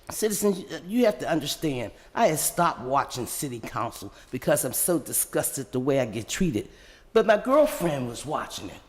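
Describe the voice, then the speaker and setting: A woman from Pittsburgh giving an angry, impassioned public comment to city council members, speaking into a podium microphone. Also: a bass voice. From Pittsburgh, USA. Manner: angry, indignant, confronting council members directly. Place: large council chamber. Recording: echoey hall with long reverb.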